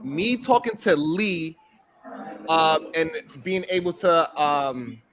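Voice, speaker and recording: A man's voice: on the high side, animated, slow pace, fairly bright tone. A man with a New York accent, arguing his point in a casual live-stream debate and often cutting in with "hold on". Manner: argumentative, keeps repeating "hold on" to hold the floor.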